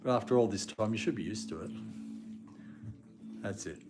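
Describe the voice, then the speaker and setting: Speaking in a lowish voice at a moderate pace, this Australian streamer rambles casually over background music. Now and then he stops to scold his dogs.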